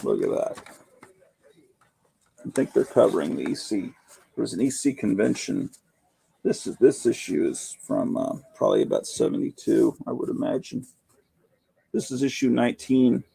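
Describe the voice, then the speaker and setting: A man's voice: medium pitch, very animated, moderate pace, vocal fry, long pauses, warm tone, husky. A man hosting a live-stream chat, rambling and reading viewer comments aloud. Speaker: host.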